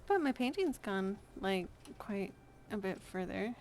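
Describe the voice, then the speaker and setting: A woman's voice: mid-range voice, very animated, a little slow, slight background noise. A woman streamer chatting casually while she draws, playful and self-amused. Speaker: art streamer. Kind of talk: casual chat while drawing.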